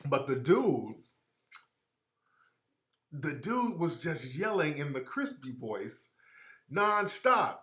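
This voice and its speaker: A man hosting a casual talk show, telling a story in an animated way with frequent laughter. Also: fairly high pitch, takes it slowly, pauses often. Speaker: radio show host. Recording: roomy echo.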